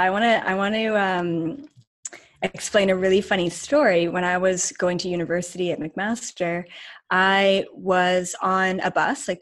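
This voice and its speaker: A woman's voice: medium pitch, no echo. Chatty woman guest telling stories. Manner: chatty, animated storyteller with many fillers. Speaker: guest channeller. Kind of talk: casual interview chat.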